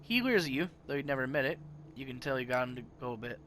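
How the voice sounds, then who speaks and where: A man's voice: medium pitch, very fast, slight background noise. Man animatedly narrating a game. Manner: animated reading with big swings in loudness. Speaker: let's play host. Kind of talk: reading a game's narration aloud.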